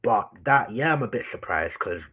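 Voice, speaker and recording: Footy fan ranting on stream, swears loads, keeps saying people, sounds tinny like a phone. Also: male voice, mid-range voice, expressive, moderate pace, husky. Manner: swears a lot, repeats himself, addresses chat as people. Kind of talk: ranting live-stream commentary.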